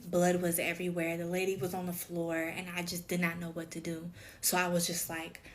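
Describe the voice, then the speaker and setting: A woman's voice: fairly low pitch, monotone. A woman recounting her own past in a casual storytime confession, talking emotionally with lots of "like". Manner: rapid, emotional retelling full of "like".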